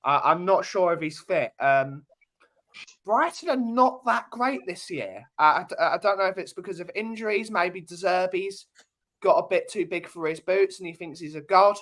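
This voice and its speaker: Male panelist, bright tone, halting and full of restarts. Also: sits high, expressive. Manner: hesitant, lots of ums and restarts. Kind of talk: casual chat.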